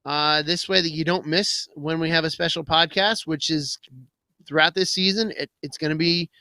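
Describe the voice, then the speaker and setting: A man's voice: a little high, steady tone, moderate pace, sharp tone, clear, resonant tone, no room sound. A man co-hosting a hockey fan podcast, casually plugging the show and asking listeners to follow. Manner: promotional, upbeat plugs. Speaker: podcast co-host.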